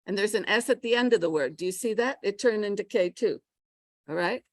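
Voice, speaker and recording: An American woman giving a pronunciation workshop, teaching in a lively way and checking in with her listeners as she goes. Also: mid-range voice, brisk, no room sound. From United States. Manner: lively teacher, checks in with okay and all right. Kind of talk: lecturing to a class.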